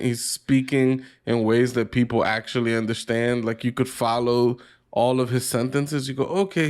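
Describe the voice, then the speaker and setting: A man co-hosting a podcast in casual chat, rambling with many fillers and free swearing. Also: medium pitch. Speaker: podcast co-host.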